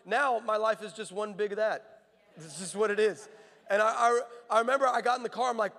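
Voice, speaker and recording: A male pastor delivers a sermon in a very high, bright, forceful voice. He tells a story with a grin in it, then climbs to shouted, emphatic preaching. The sound rings with a long hall reverb. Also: fast talker.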